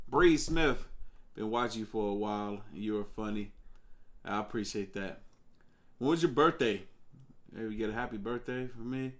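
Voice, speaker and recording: A man's voice: lowish voice, moderate pace, long pauses. A man hosting a live stream in casual chat, loose and chatty as he greets viewers by name. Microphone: desk microphone.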